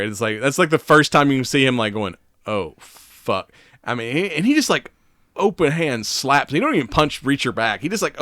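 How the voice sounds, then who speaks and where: A man hosts a casual-chat podcast, his mid-range voice fairly bright in tone. He's from the Southern United States and keeps it loose and rambling, laughing often and cursing a lot. The audio is studio quality with no room sound.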